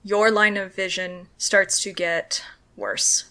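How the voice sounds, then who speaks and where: Bright-voiced woman narrating a tabletop game. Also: medium pitch, takes it slowly. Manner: descriptive, steady scene-setting narration. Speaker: game master.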